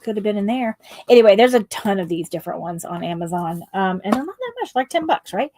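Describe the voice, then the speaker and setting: A woman's voice: medium pitch, expressive, fast, warm tone, no echo. A woman chatting casually on a craft livestream, rambling with lots of ums and asides to her viewers.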